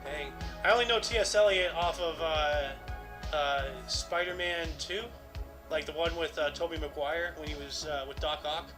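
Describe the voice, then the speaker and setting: A man co-hosting a casual podcast reads out historical dates and rambles with lots of fillers, while music plays underneath. His voice is fairly high, his pace moderate, and the audio poor.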